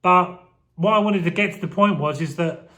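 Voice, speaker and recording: A man's voice: sits high, moderate pace, bright, forceful tone. A man in his forties reflecting on his childhood in a rambling, heartfelt vlog, getting emotional as he talks. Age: 40s. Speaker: vlogger. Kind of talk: casual personal reflection to camera.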